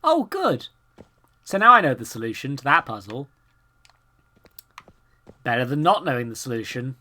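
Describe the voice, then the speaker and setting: A woman's voice: a bass voice, big pitch swings, moderate pace, sharp tone. A woman streaming horror games, chatting and reading in-game notes aloud. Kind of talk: live game stream commentary.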